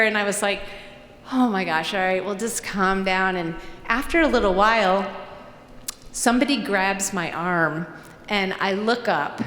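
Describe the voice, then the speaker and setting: A woman from Virginia telling a true personal story live on stage in a chatty, animated way, often quoting herself. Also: medium pitch. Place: stage in a large hall. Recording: echoey hall reverb.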